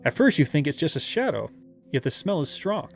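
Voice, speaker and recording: A man's voice: fairly high pitch, very animated, brisk, vocal fry, faint music behind. A man reading a gamebook aloud as game master, with playful asides and laughter.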